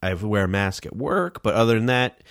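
A man's voice: fairly low pitch, very animated, quick pace, fairly bright tone, no echo, clean studio sound. A man hosting his own podcast in casual solo talk, sounding nasal from a stuffy nose, chatty and self-deprecating with rambling asides. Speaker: podcast host. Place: home recording setup in New Jersey.

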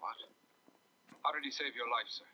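A man's voice: mid-range voice, fairly even intonation, moderate pace, pushed and bright, a little hiss or hum. An actor playing a curious man eagerly pressing an old pilot with questions. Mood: probing. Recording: dull old TV soundtrack.

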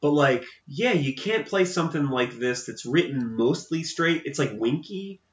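A man co-hosting a casual film podcast, rambling and swearing as he recaps scenes and acts out characters in quick voices. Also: a little high, lively intonation. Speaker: podcast co-host. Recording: roomy, dull lo-fi sound.

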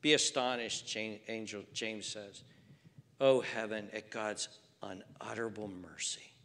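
A man's voice: on the low side, level tone, measured pace, gravelly. Fervent male preacher in echoing hall. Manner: emphatic, building from quiet to fervent. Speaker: pastor. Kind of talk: sermon.

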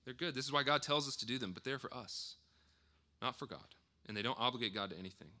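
A man in his thirties preaching, his voice very bright and forward. He talks to the congregation casually, slipping in fillers and restating his points as he goes. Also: medium pitch, quick pace. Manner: conversational, with frequent fillers and self-corrections. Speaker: pastor. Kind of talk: sermon.

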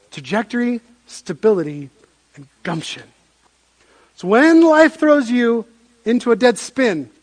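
Pastor, male, higher voice, animated sermon delivery, repeats and restarts phrases. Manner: animated storytelling with frequent restarts.

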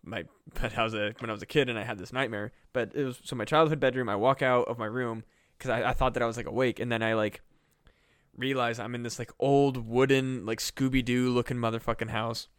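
A man's voice: mid-range voice, fairly even intonation, a little fast, clean tone, dry recording, studio quality. A man co-hosting a casual comedy podcast, telling a story in a rambling way with lots of fillers and swearing. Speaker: podcast co-host.

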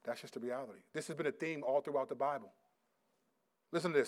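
A middle-aged male pastor preaching a sermon, reading scripture loudly and slowly, then dropping into quiet, casual stories about his sons. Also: mid-range voice. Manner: swings from loud emphatic scripture reading to quiet storytelling.

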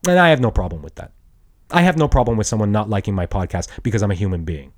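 Thirties male podcast host, angry solo rant, profane, swings between shouts and low mutters. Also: lively intonation, fast talker. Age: 30s.

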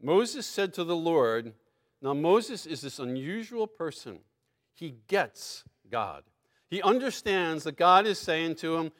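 A man preaching a sermon, his voice sitting a little high for a man. He reads scripture with strong emphasis, then drops into casual asides with small laughs. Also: very animated, slow, fairly bright tone.

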